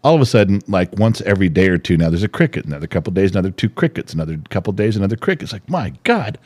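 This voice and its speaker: Animated low-voiced older man telling stories. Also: racing, husky. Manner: animated storyteller who acts out a child's voice in high squeaks. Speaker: podcast co-host. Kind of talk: casual storytelling chat.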